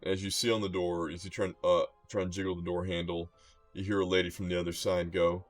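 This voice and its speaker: A man with a low, deep voice running a tabletop game as game master. His narration is loose and casual, full of restarts and fillers, with faint music underneath. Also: level tone, fast talker.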